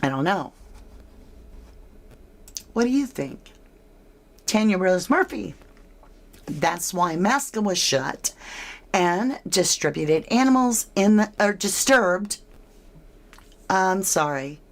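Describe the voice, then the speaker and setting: A woman's voice: mid-range voice, big pitch swings, slow pace, long pauses. A woman giving casual, speculative true crime commentary, asking her listeners questions as she goes.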